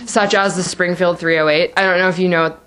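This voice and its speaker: A woman's voice: lowish voice, steady tone, a little fast. A woman telling a personal story aloud, rambling with lots of fillers and frequent laughter. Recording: noisy live recording.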